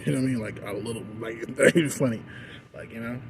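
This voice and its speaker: A man's voice: medium pitch, quick pace. Rambling, profane man ranting over road noise. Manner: rambling, profane, constant "like" fillers. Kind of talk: casual rant vlog.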